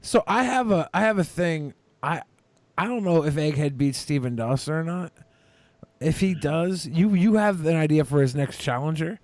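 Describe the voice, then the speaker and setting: A man co-hosting a podcast in casual comedic chat, gravelly and mock-dramatic. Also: a little high, lively intonation, normal speed, a little mellow, no room sound. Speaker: podcast co-host.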